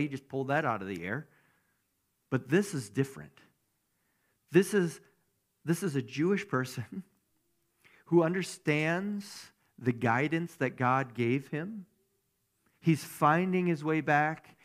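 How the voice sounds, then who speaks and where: A man's voice: fairly high pitch, a bit bright. A man giving a conversational sermon as a pastor, who keeps asking his listeners rhetorical questions.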